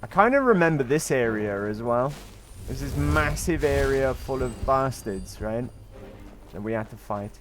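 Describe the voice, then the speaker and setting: Streaming a game live, a middle-aged man chats casually, teasing viewers with jokes and the occasional curse word. His mid-range voice is expressive and unhurried, with a little hiss or hum in the background.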